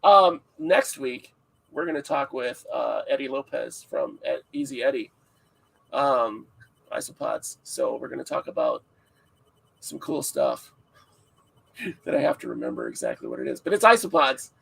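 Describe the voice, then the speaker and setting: A man's voice: medium pitch, wildly swooping pitch, moderate pace, creaky, pauses often, fairly bright tone, husky, rough recording. A man hosting a casual livestream podcast, rambling and joking with frequent laughs, sounding tired. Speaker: podcast host.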